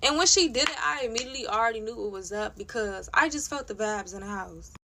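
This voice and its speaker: Over a noisy background, a young woman vlogger rants casually about something that happened, her voice a little high, animated and quick, with vocal fry. Her heated retelling is blunt and profane, packed with "like" fillers.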